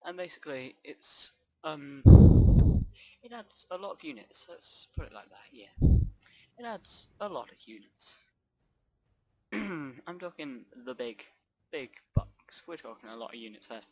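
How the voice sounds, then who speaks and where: A man's voice: a little high, very animated, measured pace, long pauses, slightly rough, no room sound, low-quality recording. Rambling man narrating gameplay. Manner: rambling, off-track, self-interrupting. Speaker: let's play host.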